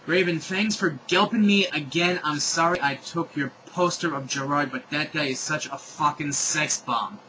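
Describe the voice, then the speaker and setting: A man's voice: a little high, moderate pace, few pauses, background noise, close to an everyday voice. A man reading out author's notes in the voice of a bratty, gushing teenage girl writer.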